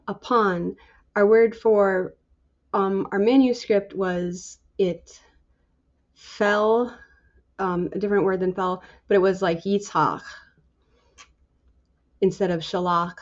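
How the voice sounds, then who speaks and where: A woman leading a Bible study, slowly working through scripture word by word in a halting, musing, tentative way. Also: mid-range voice, a little mellow, lo-fi sound.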